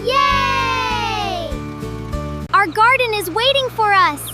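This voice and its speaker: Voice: extremely high pitch, animated, extremely slow, exaggerated voice. A performer voicing cheerful tiny cartoon chicks on a farm, bubbly and exclaiming every line. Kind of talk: children's cartoon voice acting. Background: children's music.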